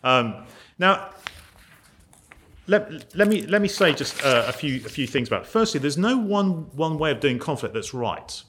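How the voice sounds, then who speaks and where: A man's voice: a little high, sing-song, normal speed, fairly bright tone, a little hiss or hum. A British man giving a conversational teaching talk on ministry to a group in a meeting room. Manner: conversational, acts out quoted voices. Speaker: ministry trainer.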